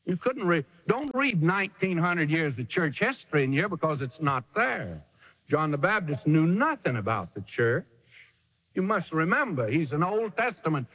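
A man's voice: a little high, big pitch swings, normal speed, fairly bright tone, in a large hall, poor audio. A man preacher delivering a sermon in an emphatic, dramatic way with sudden swings in delivery.

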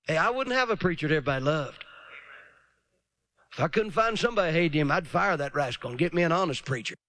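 High-voiced preacher, emphatic. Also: male voice, lively intonation, pushed and bright, dry recording. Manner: emphatic, drawn-out pauses, calls for amens. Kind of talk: revival sermon.

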